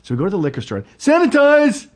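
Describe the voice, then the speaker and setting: A man's voice: mid-range voice, moderate pace. A man telling a rambling story in a casual chat, laughing and acting out the people in it. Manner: animated, laughing, acts out quotes loudly. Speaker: podcast guest.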